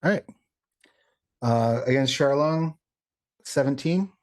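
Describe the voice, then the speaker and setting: A man running a tabletop game as game master, pausing often with fillers while he works out damage rolls. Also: mid-range voice. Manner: halting, with many fillers while tallying damage.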